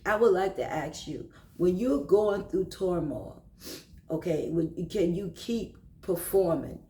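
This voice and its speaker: A woman's voice: on the low side, takes it slowly, mellow, roomy sound, low-quality recording. A woman telling a devotional story in an emotional, repetitive way, now and then dropping into a whisper. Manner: emotional, repeats herself, drops into whispers.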